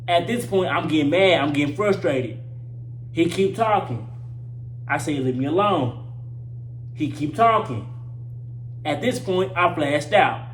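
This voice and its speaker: A young man telling a personal story in a casual, slangy, profane way, repeating lines for emphasis. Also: fairly high pitch. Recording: roomy echo with faint hum.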